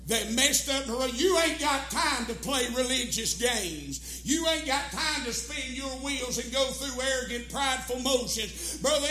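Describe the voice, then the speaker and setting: A middle-aged preacher man with a very high, bright and forceful voice, delivering a revival sermon in rising sing-song cadences that drop to hushed pleading. Faint music plays softly behind him. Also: roomy sound. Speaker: pastor. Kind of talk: Southern Baptist revival sermon.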